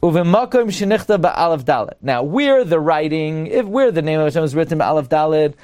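A man's voice: a little high, lively intonation, brisk, a little mellow. A man, a rabbi, giving an explanatory Torah study lecture, reading Hebrew passages aloud and translating them. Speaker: rabbi teaching a class.

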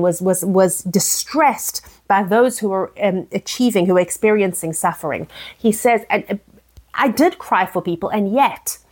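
Earnest woman teaching a text. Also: mid-range voice. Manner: earnest, reads verses then explains, frequent fillers and restarts. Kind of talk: text study lesson.

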